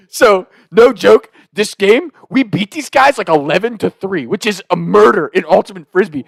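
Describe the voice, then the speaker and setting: Animated, profane young man telling a story. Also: high voice, brisk, gravelly, no echo. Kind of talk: casual storytelling.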